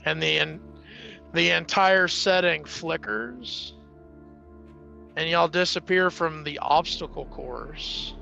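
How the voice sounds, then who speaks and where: A man playing a tabletop game who takes over as villain, gloating slowly. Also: fairly high pitch, steady tone, gravelly, pushed and bright, soft background music. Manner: slow, gloating delivery. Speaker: player taking over as villain. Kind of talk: tabletop role-play.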